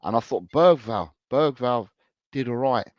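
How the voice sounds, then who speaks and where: A man's voice: medium pitch, lively intonation, a little slow, dry recording. A man co-hosting a casual football podcast, talking emphatically and repeating his phrases. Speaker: podcast co-host. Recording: dry, dull lo-fi audio.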